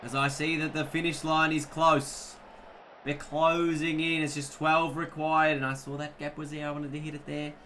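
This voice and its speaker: A man's voice: on the high side, little pitch movement, normal speed, sharp tone, a little hiss or hum. A young man giving chatty, self-mocking commentary on his own gameplay. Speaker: gaming YouTuber.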